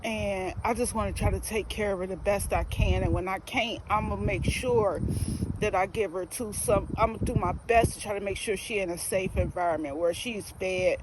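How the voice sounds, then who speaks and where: A woman's voice: mid-range voice, moderate pace, background noise. A woman talking earnestly and emotionally in a casual vlog, with fillers and restarts, filmed outdoors on a phone. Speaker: vlogger. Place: outdoors near a residential field.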